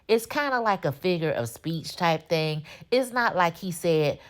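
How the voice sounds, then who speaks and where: A woman's voice: low voice, animated, normal speed, few pauses. A woman recapping a TV episode in casual, slangy talk. She is opinionated and scolds the characters directly. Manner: opinionated, talks straight at the characters; slangy, informal. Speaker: TV recap host.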